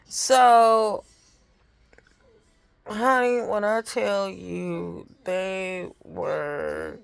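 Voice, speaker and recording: A woman rambling through a story about her toddler, exasperated and animated, breaking off to scold kids nearby. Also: mid-range voice, extremely slow, creaky, smooth, dry recording. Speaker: mother vlogging.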